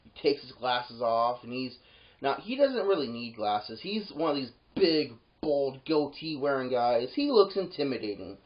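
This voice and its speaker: In a dull, lo-fi recording, a yard gate security guard casually relates a workplace story at a slightly slow pace. His pitch swings widely, climbing during the heated parts and dropping low for the asides.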